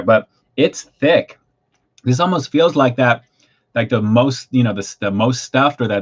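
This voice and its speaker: A man hosting a livestream snack review, chatty and excitable as he tastes and describes food. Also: medium pitch, dull audio.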